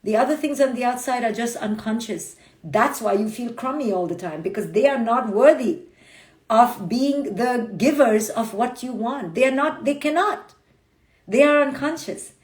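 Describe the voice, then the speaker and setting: A woman psychologist giving a brisk, blunt motivational talk on a phone livestream, acting out people's inner voices as she goes. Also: fairly high pitch. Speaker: clinical psychologist and author. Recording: roomy echo.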